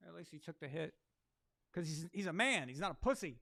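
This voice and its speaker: A man's voice: on the high side, lively intonation, a little fast, creaky, sharp tone. A man hosting a live sports stream, ranting crudely and mockingly while he watches a game. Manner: mocking, sarcastic asides. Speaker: sports livestream host.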